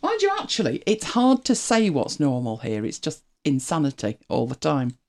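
Host, casual chat to viewers, animated pitch, chatty and self-correcting. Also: normal speed. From United Kingdom. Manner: chatty, rambling, self-correcting, laughs often. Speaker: livestream host.

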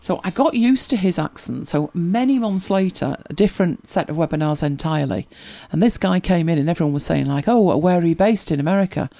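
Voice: mid-range voice, expressive, fairly quick, gravelly, few pauses, warm tone. A chatty host, laughing easily and answering viewer questions in casual talk. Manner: chatty, laughs easily, repeats words when starting. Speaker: host of a tech help show.

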